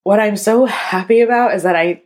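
A woman's voice: mid-range voice, normal speed, a little mellow. A young adult woman telling a personal story in a candid, conversational way, full of "like" and calling listeners y'all. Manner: candid, conversational, frequent "like" fillers.

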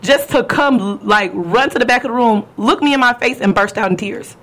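Lively young woman telling a story. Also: moderate pace. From California. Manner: animated, acts out quotes with big pitch jumps. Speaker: podcast host. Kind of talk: casual storytelling chat.

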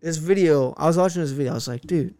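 An excitable young man rambles through casual podcast chat, stacking up "like" as he talks. His voice sits a little high and smooth, recorded dry and close. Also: very fast, dry recording. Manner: excitable, rambling, heavy use of "like". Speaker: podcast co-host.

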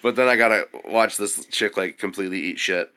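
Man, young adult, low-ish voice, bright tone, swears a lot, animated casual storytelling. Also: brisk. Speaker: podcast guest.

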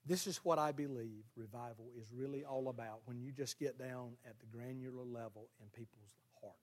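A male pastor, preaching a sermon in a folksy, storytelling way that builds to loud, fervent exhortation. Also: mid-range voice, steady tone, moderate pace.

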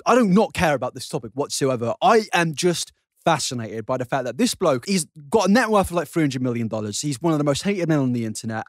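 Sweary young podcast co-host, lively and high-ish, dry close sound. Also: male voice, dry recording. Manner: sweary, rambling, laughs a lot. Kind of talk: casual banter.

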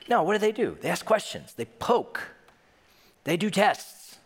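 A young man preaches a sermon in a large church hall, his voice rising and falling in lively swings. He tells stories playfully and acts out the voices of the people in them. A long reverb trails behind every phrase. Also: high-pitched, unhurried, husky. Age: young adult. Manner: animated, playful storytelling with acted-out voices. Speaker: pastor.

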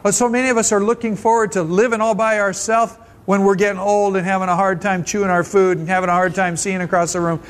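A man's voice: sits high, flat delivery, fast, hardly any pauses. A man preaching a conversational, folksy sermon at a church service, often restarting his phrases. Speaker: pastor.

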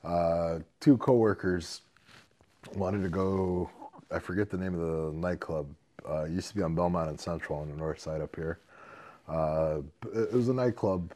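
A man's voice: low voice, normal speed. A man co-hosting a casual podcast, telling a rowdy story with lots of swearing and laughter. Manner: animated, profane, laughing while telling a story. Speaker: podcast co-host.

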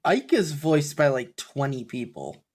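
Dry-spoken man, fairly high voice. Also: expressive, measured pace, a little mellow. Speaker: podcast co-host. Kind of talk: casual chat.

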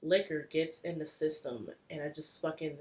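A woman's voice: low-pitched, normal speed, a little mellow, rough recording. Frank, filler-heavy young woman. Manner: candid and crude, heavy on "like", telling drinking stories. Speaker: podcast co-host. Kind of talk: casual chat.

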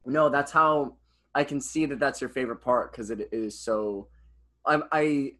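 A man's voice: mid-range voice, fairly even intonation, unhurried, sharp tone. Laughing young man chatting about films. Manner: laughs often, puts on silly voices when quoting. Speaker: podcast co-host. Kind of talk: casual film chat.

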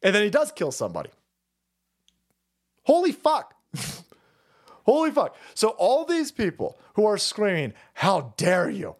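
Profane ranting man, wildly swinging pitch. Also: wildly swooping pitch, unhurried, long pauses. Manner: loud, swearing, laughing, swings from shouts to mutters. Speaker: livestream host. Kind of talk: profane political rant.

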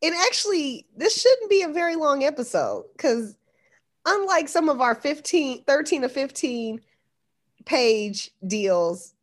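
A woman's voice: high voice, sing-song, measured pace. A woman co-hosting a podcast in casual chat, complaining with a laugh. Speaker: podcast co-host.

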